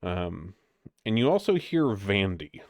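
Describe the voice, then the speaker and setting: A man's voice: fairly low pitch, very animated, takes it slowly, no room sound, studio quality. A man narrating as game master of a tabletop game, rambling with lots of fillers.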